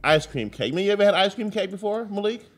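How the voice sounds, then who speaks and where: A man's voice: high voice, animated, fast, faint music behind. A man in his thirties co-hosting a casual talk show, telling profane stories and mimicking voices. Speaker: co-host.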